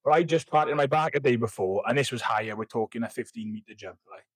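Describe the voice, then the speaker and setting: A man's voice: mid-range voice, quick pace, slightly rough, no room sound, low-quality recording. Rambling, sweary young man. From Wales. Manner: rambling storyteller, swears freely, self-mocking. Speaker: podcast guest. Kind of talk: casual chat.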